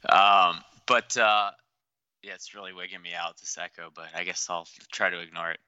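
Guy on a remote podcast call rambling through a story, low voice but bright and crisp, kinda dull audio. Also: steady tone, no echo. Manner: rambling, halting, lots of fillers and restarts. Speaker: podcast co-host. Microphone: remote call setup.

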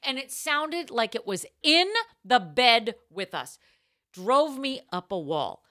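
A woman chatting on a casual podcast, her voice bright and ringing, swinging freely up and down as she talks. She tells stories playfully, laughs a lot and swears without a second thought. The sound is close and dry, with no room around it. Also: fairly high pitch, sing-song, takes it slowly, no room sound. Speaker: podcast co-host.

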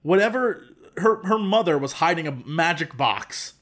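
A man co-hosting a casual podcast, recapping a movie with sarcastic, animated storytelling and mock quotes. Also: fairly high pitch, moderate pace. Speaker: podcast co-host.

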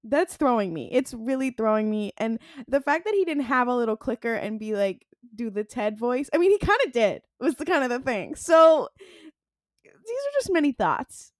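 Higher-voiced woman podcaster, dry sound. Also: big pitch swings, moderate pace, no room sound. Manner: rambling, hesitant, trails off with fillers. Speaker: podcast co-host. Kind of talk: casual podcast chat.

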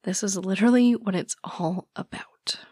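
A young woman hosting a podcast, talking casually and gushing warmly to her listeners. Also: medium pitch, moderate pace, breathy edge, no echo, studio quality. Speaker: podcast host.

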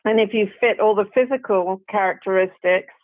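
A woman actress, a guest telling lively anecdotes in a casual chat, sprinkling in British slang. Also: mid-range voice, brisk, no echo. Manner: chatty, animated anecdotes with British slang and laughs. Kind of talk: casual storytelling interview. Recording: tinny phone line, dry.

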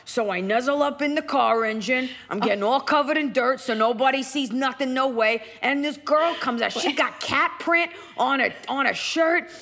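A woman's voice: high-pitched, normal speed, few pauses, fairly bright tone, pitched above the performer's own voice. A woman voicing a grumpy, streetwise female cat who talks tough with double negatives. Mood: grumbling.

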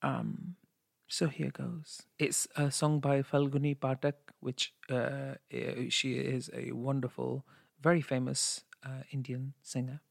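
Camp gravelly guy on a podcast mic, teasing and playful, dry close sound. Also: mid-range voice, little pitch movement, slow, no room sound. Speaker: podcast co-host. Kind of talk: casual chat. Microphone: studio microphone.

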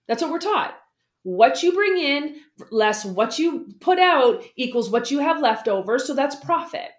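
A woman guest explaining money habits in a casual interview, lively and acting out the voices she quotes. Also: sits high, measured pace, roomy sound. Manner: animated, acts out quoted voices.

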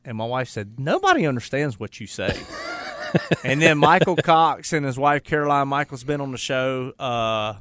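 A man's voice: mid-range voice, animated, moderate pace, fairly bright tone, no echo. A man with a Southern US accent co-hosting a radio show, telling rambling, joking stories in casual banter.

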